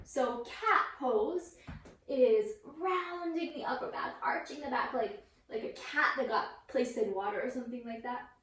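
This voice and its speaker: A woman's voice: on the high side, unhurried, fairly bright tone. A young woman teaching a yoga class with a toddler, playful and sing-song, breaking into animal sounds. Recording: very echoey room, mic at a distance, faint noise.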